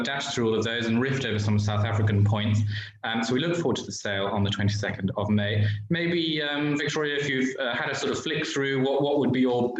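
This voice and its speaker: A man hosting a casual panel, chatty and enthusiastic, often chiming in with quick affirmations. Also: medium pitch. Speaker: host, auction specialist. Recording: very echoey room.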